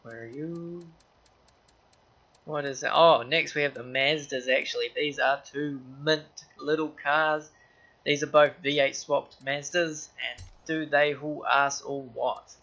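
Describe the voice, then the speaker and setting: Bright-voiced casual gaming guy. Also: a little high, little pitch movement, a little slow, vocal fry. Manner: loose, rambling car-enthusiast talk with slang. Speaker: gaming channel host. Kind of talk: casual game walkthrough.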